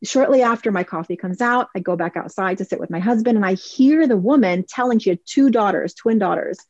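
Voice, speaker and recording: A woman's voice: medium pitch, a little fast, darkish tone, no room sound, muffled recording. A woman in her forties hosting a podcast, chatting casually and telling stories while acting out other people's lines. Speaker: podcast host. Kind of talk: casual advice talk.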